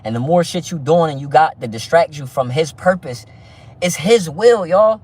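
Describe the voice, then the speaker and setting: A fairly high, darkish male voice with lively intonation moves at a moderate pace. The livestream host rambles to viewers about faith and keeping it real, using street slang and profanity, stumbling into restarts and often saying "you feel me" in casual chat.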